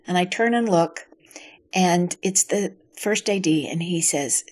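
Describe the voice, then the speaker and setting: An older actress in an interview, telling anecdotes in a reflective, storytelling way with a gravelly voice. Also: female voice, on the low side, unhurried, darkish tone.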